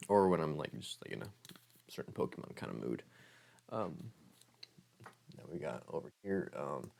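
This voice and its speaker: A man's voice: low-pitched, gravelly, darkish tone. A young man hosting an ASMR channel, chatting casually about other creators, rambling and hesitant with many fillers, his voice sounding a bit off. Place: room with Pokemon items.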